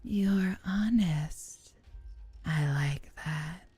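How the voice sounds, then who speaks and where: A woman voicing a mysterious barefoot girl, with slow, breathy speech in a whispered role-play. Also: low-pitched, level tone, warm tone, dry recording, soft background music, exaggerated voice. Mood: intimate.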